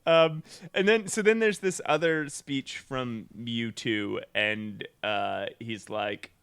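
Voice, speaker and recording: A man co-hosting a comedy podcast, talking in an animated, rambling way and laughing often. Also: mid-range voice, slow, gravelly, clean tone, no room sound. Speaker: podcast co-host.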